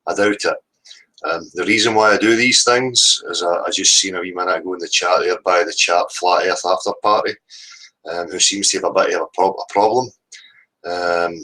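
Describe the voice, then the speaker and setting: This livestream host's voice sits low and has a sharp tone as he rants combatively, swearing and repeatedly throwing in "right?" The recording is low quality.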